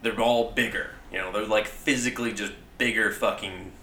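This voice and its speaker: A man's voice: on the low side, steady tone, moderate pace, bright, forceful tone, slight background noise. Loose, profane man in an echoey room. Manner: loose, profane, full of "like", acts out quoted lines. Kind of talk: casual chat pitching a comic story.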